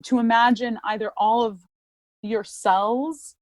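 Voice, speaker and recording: Woman, higher-pitched voice, earnest reflective interview guest, dry close sound. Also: steady tone, slow pace, no room sound. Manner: reflective, earnest, heavy use of "like". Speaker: opera singer guest. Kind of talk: candid interview talk.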